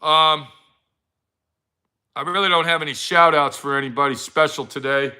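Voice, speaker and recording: Middle-aged guy ranting on his vlog, swears constantly, high bright voice. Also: fairly even intonation, normal speed, clear, resonant tone. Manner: blunt, heavy swearing, preachy. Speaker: vlogger giving a motivational talk. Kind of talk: profane casual motivational rant.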